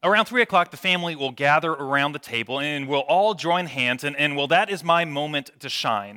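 A man's voice: fairly high pitch, animated, a little fast, few pauses, bright, forceful tone. A man preaching a sermon, telling stories with self-deprecating humor before turning to prayer. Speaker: pastor.

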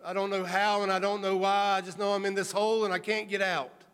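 A man's voice: sits high, flat delivery, a bit bright, clean tone. A preacher voicing a troubled addict who halts and stumbles as he explains he is stuck. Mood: bewildered. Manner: halting, bewildered. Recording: reverberant hall.

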